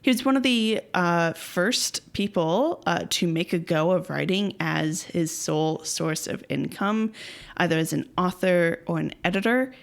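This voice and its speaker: A woman's voice: lowish voice, unhurried, creaky. A woman co-hosting a podcast in casual chat, playful and teasing, laughing often. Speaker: podcast co-host.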